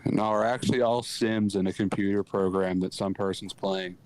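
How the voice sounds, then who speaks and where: A man's voice: on the low side, fairly even intonation, moderate pace, a little mellow, rough recording. A man co-hosting a casual live-stream chat, dropping dry, sarcastic asides. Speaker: co-host.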